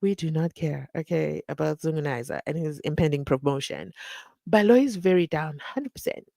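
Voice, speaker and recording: A woman's voice: low-pitched, normal speed, creaky, mellow, dry recording. A woman hosts a casual live stream, chatting and reading viewer comments aloud with frequent laughs.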